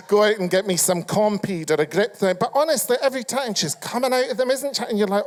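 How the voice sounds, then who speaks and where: A Scottish man with a high-pitched voice works a live crowd as a chat show host. His talk is camp and foul-mouthed, and he keeps needling audience members with sharp teasing. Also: a little fast. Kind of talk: live stand-up crowd work. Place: live comedy venue.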